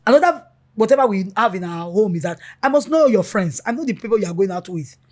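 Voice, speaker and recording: A middle-aged mother, a guest in an interview, animatedly acts out conversations with her children, quoting the family dialogue. Her mid-range voice moves fast.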